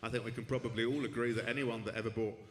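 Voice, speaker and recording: Racing along in a flat, mid-range voice, a man works a comedy club stage in front of a live crowd. His set wanders through dry, self-deprecating asides, with many restarts, and the echoey room carries audience noise.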